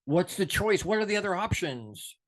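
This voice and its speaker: A middle-aged man delivering an off-the-cuff motivational talk with fervent passion. His voice sits a touch high for a man, and he drops quiet and low for reflection, then surges up to push a point hard. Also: big pitch swings, moderate pace. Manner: passionate, preachy, swings from soft to emphatic. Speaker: motivational show host.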